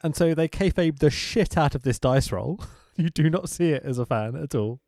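A man's voice: fairly high pitch, animated, normal speed, a little mellow, no room sound. A man co-hosting a casual wrestling podcast, swearing and laughing sarcastically. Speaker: podcast co-host.

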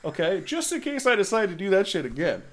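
A man's voice: high voice, quick pace. A man telling crude, laughing stories in a casual chat. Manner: animated, laughing, crude storyteller.

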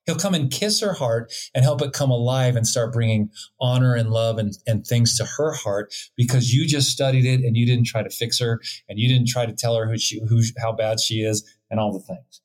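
A man's voice: mid-range voice, moderate pace, hardly any pauses. Earnest middle-aged man teaching on marriage. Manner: earnest, preachy, jokey, laughs often. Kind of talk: casual teaching chat.

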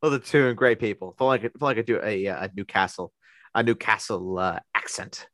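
A man's voice: fairly low pitch, quick pace, fairly bright tone, dry recording. A man co-hosting a podcast, chatting casually about sports and restarting his sentences often. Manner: rambling, with many restarts and fillers. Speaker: podcast co-host.

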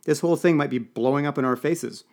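A man voicing a brash, crude oil lobbyist who talks loudly and bluntly. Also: a little high, fast, pitched above the performer's own voice, natural voice. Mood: scheming. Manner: loud, smirking, blunt.

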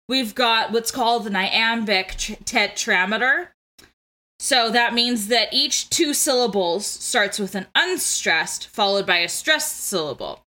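A woman's voice: medium pitch, sharp tone. A young woman co-hosting a casual podcast, eagerly explaining poetic meter with lots of "like" and restarts. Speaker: podcast co-host. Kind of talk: casual chat with literary analysis.

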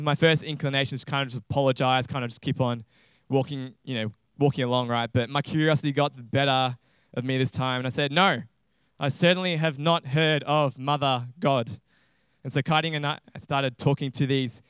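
A man's voice: medium pitch, fairly bright tone, clear, resonant tone, no room sound. A young adult man with an Australian accent preaching a chatty sermon and reading a storybook aloud. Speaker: pastor.

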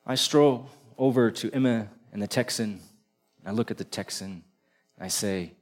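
A man's voice: mid-range voice, unhurried. A man with a mid-range voice telling a personal story on stage. He paints each scene in detail and lets the comic tension build line by line. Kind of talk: first-person storytelling performance.

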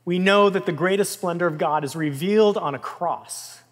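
A man preaching a sermon in an earnest, emphatic way, rising in intensity and dropping softly. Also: high-pitched, moderate pace. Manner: earnest, emphatic, with swells of intensity and soft drops. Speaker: pastor. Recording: long reverb of a large room.

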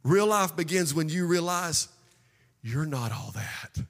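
Preacher guy, high voice, goes from quiet to shouting, big echoey church hall. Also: lively intonation, measured pace. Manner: fervent preaching, swinging from hushed to shouting. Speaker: pastor. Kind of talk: sermon. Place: church sanctuary. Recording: long reverb of a large hall.

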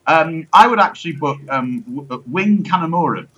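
A man's voice: fairly high pitch, expressive, moderate pace, sharp tone, dull audio, a little hiss or hum. A young man chatting casually, rambling with many ums, restarts and swearing. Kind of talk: casual chat.

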